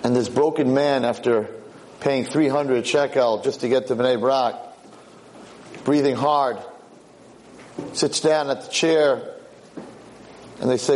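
Animated male lecturer telling a story. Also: medium pitch, takes it slowly, long pauses, slight background noise, low-quality recording. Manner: animated storyteller, acts out quotes. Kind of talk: sermon storytelling.

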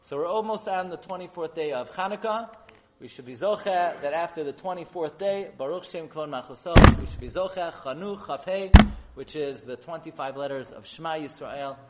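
A man giving a Torah sermon at a memorial gathering, animated and rising to loud, emphatic peaks. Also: fairly high pitch, a little fast, very noisy. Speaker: rabbi giving a memorial talk.

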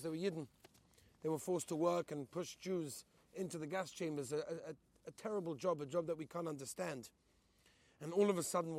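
A man telling a solemn religious story, peppering his English with Hebrew and Yiddish words, rising to loud fervor and sinking to hushed tones. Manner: builds to high, loud intensity, then drops to hushed, solemn tones. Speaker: storyteller on a group heritage trip. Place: on location at a memorial site.

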